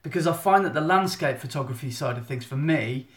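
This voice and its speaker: Guy in his thirties, casual live-stream host, slightly high voice, roomy phone sound. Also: animated, fairly quick. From England. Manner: chatty, rambling, self-interrupting. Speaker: photographer giving a monthly live update. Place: indoor room at home. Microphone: phone at arm's length. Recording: echoey room on phone.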